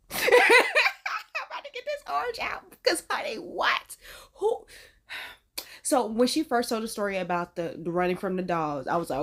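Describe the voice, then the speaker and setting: A woman from North Carolina, reacting to scary stories in casual, animated commentary, laughing often and calling listeners honey. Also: a little high, moderate pace. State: sneezy from allergies. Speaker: reaction video host.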